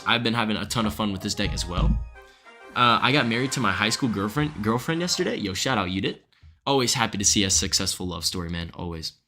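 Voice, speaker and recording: Young male streamer, bright voice, lowish pitch, faint music under it, casual and excitable. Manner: casual, excitable, chats with viewers. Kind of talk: live gameplay commentary.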